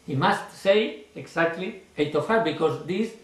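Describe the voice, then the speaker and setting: A man with teaching a card trick, explaining in a lively, expressive way and acting out his stage patter. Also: a little slow, reverberant. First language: not English. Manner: expressive, acts out his stage patter with big jumps in pitch. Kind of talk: explanatory lesson.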